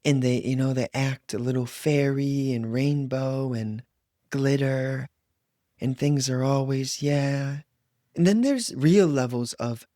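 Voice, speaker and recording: A man's voice: medium pitch, slow, warm tone, no echo, clean studio sound. A man hosting a solo podcast, talking in a loose, reflective way with many fillers and restarts. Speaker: podcast host. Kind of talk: solo podcast monologue on inner growth.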